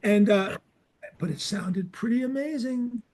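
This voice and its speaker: An older man with a noticeably high voice hosts a casual podcast chat. He tells stories with energy and acts out both sides of the dialogue. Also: unhurried, a little hiss or hum. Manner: animated anecdotes, acts out dialogue. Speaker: podcast host.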